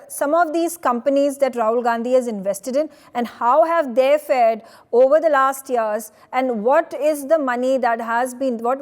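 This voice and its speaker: A woman news anchor, briskly framing long questions for a panel debate. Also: high-pitched, long reverb tail.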